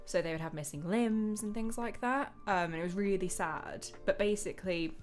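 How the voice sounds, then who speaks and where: A woman's voice: medium pitch, normal speed, soft background music. A young woman co-hosting a casual podcast, friendly and giggly, explaining things in a chatty way. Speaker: co-host.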